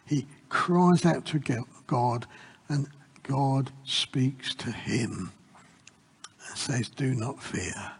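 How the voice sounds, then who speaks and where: Slow, husky man reflecting earnestly. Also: on the high side, darkish tone, in a large hall. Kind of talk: informal Bible reflection.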